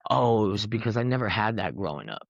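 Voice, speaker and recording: A man's voice: fairly low pitch, very animated, fast talker, gravelly, dry recording. A man telling rambling, profane anecdotes in a casual podcast chat. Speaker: podcast host. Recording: dull lo-fi recording.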